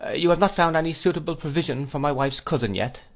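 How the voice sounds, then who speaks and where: A man's voice: fairly high pitch, quick pace, voice pushed up, natural voice. A man reading aloud, voicing a kindly, absent-minded old male schoolmaster who talks hesitantly. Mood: musing. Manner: raised, hesitant with "uh".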